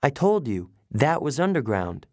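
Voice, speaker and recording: A man's voice: mid-range voice, sing-song, measured pace, no room sound, studio quality. A man voicing a timid young satyr boy who is eager to help but easily hurt.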